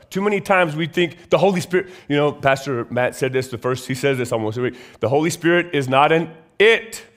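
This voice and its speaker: A man preaching a sermon in a church, reading scripture and praying, rising to emphatic bursts and dropping low and slow. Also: expressive. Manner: rises to emphatic high bursts, then drops low and slow. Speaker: pastor. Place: church sanctuary.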